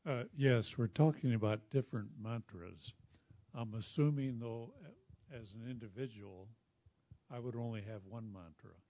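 A man's voice: mid-range voice, measured pace, mellow. A man in the audience asking a careful, tentative question. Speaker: audience member.

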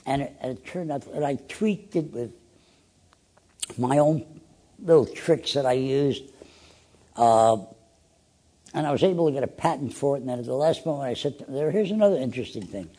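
A radio studio guest, this man speaks with a somewhat high voice at a moderate pace, leaving long pauses. He tells anecdotes with real gusto, acting out the dialogue in lively, different voices.

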